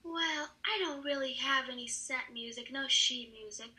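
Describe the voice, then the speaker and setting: A woman voicing a dreamy, overemotional street harmonica player in a comedy sketch, talking softly and rambling, then breaking into tearful wails. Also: high-pitched, normal speed, rough recording. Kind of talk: comedy sketch role-play.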